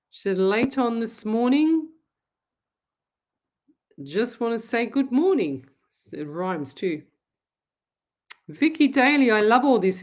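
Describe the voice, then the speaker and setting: A middle-aged woman, a psychic medium hosting a live show and chatting through viewer comments in an upbeat way. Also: mid-range voice. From Australia. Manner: chatty, upbeat, thinks aloud. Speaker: psychic medium radio host.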